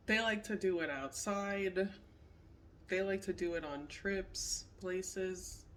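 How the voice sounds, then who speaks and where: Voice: medium pitch, a bit bright, distant mic, slight background noise. A tarot reader giving a casual pick-a-card reading, emphatic and repetitive. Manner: repetitive, emphatic, says "period" often.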